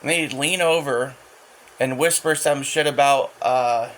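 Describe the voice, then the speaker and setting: A man's voice: mid-range voice, a bit bright, rough recording. Profane, rambling man talking casually. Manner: profane, halting, full of restarts and fillers. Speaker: channel host.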